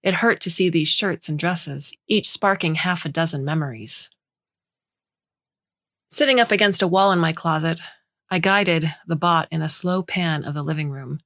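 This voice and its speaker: A woman reading a short story aloud in a measured, intimate way. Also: deep voice, fairly bright tone, no room sound, clean studio sound. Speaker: story reader. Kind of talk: scripted narration.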